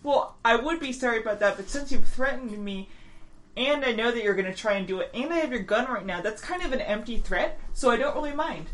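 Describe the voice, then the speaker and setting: A woman's voice: a little high, animated, brisk, a bit bright. A woman playing in a tabletop game, talking casually and hesitantly with many fillers. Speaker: player. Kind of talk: casual tabletop role-play.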